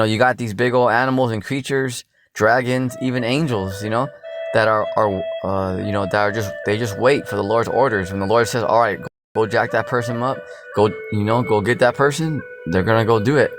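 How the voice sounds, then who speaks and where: A man with a fairly low voice preaches in a loose, rambling way, packing his talk with "you know" and street slang. Music plays clearly underneath his voice. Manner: slang-laced, blunt. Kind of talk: informal scripture commentary. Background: music playing underneath.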